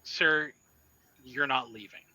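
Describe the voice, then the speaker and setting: A man's voice: medium pitch, slow, pushed and bright, no room sound, poor audio. A man voicing a female blockade officer who speaks coldly and hard. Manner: cold and clipped.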